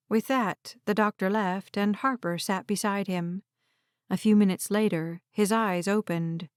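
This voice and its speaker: A woman narrating an audiobook in an even, unhurried reading style. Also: mid-range voice, clear, resonant tone, no room sound, studio quality. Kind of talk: scripted narration.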